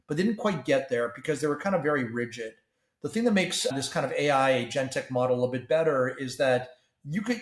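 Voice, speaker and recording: A Canadian man, a tech company CEO, appears as a guest on a podcast, talking as a company founder. His medium-pitched delivery is animated, full of restarts and repeated words, and the room sounds noticeably echoey.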